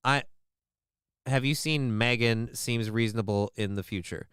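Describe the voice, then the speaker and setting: A man's voice: medium pitch, a little slow, fairly bright tone, clear, resonant tone, no echo, studio quality. A man hosting a livestream, chatting casually with his viewers in a rambling, joking, profane way. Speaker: livestream host. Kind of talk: casual chat to a live chat.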